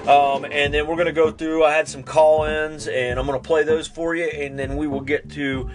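A man's voice: a little high, level tone, moderate pace, faint music behind. A man hosting a podcast, laid-back and upbeat, talking with many fillers. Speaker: podcast host. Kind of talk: casual podcast monologue.

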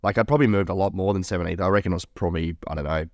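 A man's voice: sits low, very fast, no room sound, lo-fi sound. A young man co-hosting a podcast, chatting casually, swearing and laughing often. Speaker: podcast co-host.

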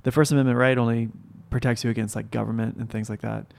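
A man in relaxed casual conversation, talking loosely with many fillers. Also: mid-range voice, fast talker, creaky, clear, resonant tone. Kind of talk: casual chat.

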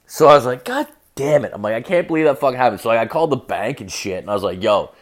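A man's voice: mid-range voice, lively intonation, fast talker. A young man telling a profane, rambling story as a rant, full of fillers and crude asides.

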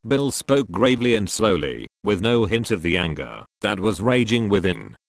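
Male audiobook narrator, low voice, lively intonation, drawls the dialogue; dry close recording. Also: normal speed, creaky, no echo.

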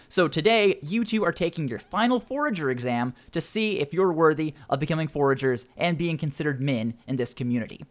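A man narrating a tabletop role-playing game as game master, animated and quick to laugh. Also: fairly high pitch.

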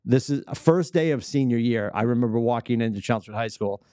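A man with a New England accent hosting a casual sports podcast, animated and teasing, laughing often. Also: medium pitch, a little fast, clean tone, dry recording, studio quality. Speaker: podcast host.

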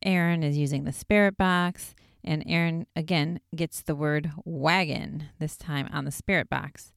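A woman's voice: sits low, steady tone, a little slow, vocal fry, clear, resonant tone, no room sound, clean studio sound. A woman casually recapping a TV episode in a chatty way, with lots of "like" and wry asides.

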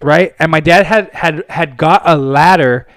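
A young man from Pasadena, California, telling profane stories in a casual, animated way as a guest. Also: on the high side, measured pace, no room sound. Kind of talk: casual storytelling.

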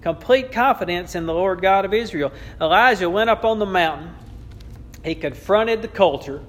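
A man's voice: sits high, normal speed. A man preaching a sermon, with an emphatic, repetitive cadence and a touch of wry amusement. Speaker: pastor.

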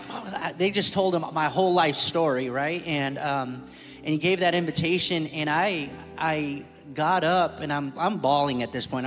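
A man's voice: fairly high pitch, a bit bright. A man giving a candid, storytelling testimony from a church stage, joking with the room. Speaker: church staff speaker. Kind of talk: testimony sermon. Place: church sanctuary. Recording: reverberant hall with music.

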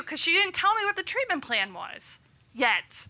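A woman's voice: extremely high pitch, wildly swooping pitch, normal speed, bright, forceful tone. A woman in her thirties, a physician, chatting casually and acting out quotes as she tells a story. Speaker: physician guest. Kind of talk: casual podcast chat.

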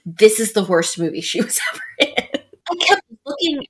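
A woman hosting a casual film podcast, talking in an animated way with sarcastic asides and frequent laughter. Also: mid-range voice, normal speed, slightly rough. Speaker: podcast host. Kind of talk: casual film review chat.

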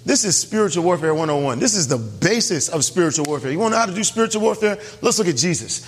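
A man's voice: on the high side, expressive, fast talker, big-room sound, a little hiss or hum. A male pastor preaching a sermon in a church, emphatic and often asking the congregation questions.

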